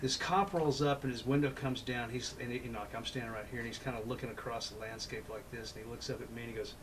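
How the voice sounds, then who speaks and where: Speaking fast in a steady, mid-range voice, this male talk-show host chats casually through meandering anecdotes full of restarts. Background noise is audible.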